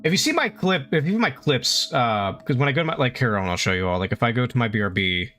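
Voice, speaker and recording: A man's voice: medium pitch, expressive, quick pace, a bit bright. A man streaming live, chatting casually while he draws. He rambles, laughs often and swears freely.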